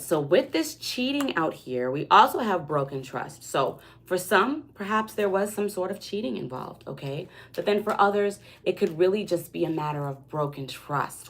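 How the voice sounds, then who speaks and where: Tarot reader, woman, low voice, chatty and reassuring, keeps checking in with listeners. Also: vocal fry. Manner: conversational, tag questions like "okay?" and "right?". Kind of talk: spiritual reading monologue.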